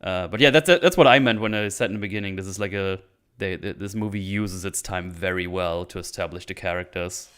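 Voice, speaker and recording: A man hosting a casual movie podcast, laughing often and acting out scenes in quick silly voices. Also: sits low, a bit bright, clear, resonant tone. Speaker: podcast host. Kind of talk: casual movie-review chat.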